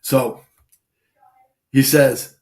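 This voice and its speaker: A man's voice: medium pitch, steady tone, very slow, darkish tone. A man hosting a casual livestream as a shooting instructor, blunt and swearing freely as he tells stories. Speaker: shooting instructor and stream host.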